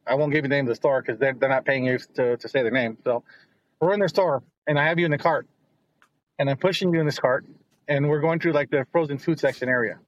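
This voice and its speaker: A man's voice: medium pitch, quick pace, dull audio. A middle-aged man, the host's father, telling family stories in a casual, rambling way, often repeating words as he goes. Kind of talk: casual storytelling.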